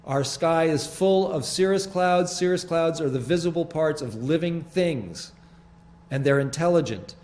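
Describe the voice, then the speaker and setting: A man hosting a public access TV show from a studio, talking casually over his photos in a rambling, halting way with many restarts. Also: a little high, a little mellow.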